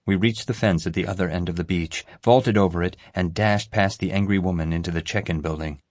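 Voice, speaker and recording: A man giving steady, measured audiobook narration, recorded dry and close. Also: sits low, no echo.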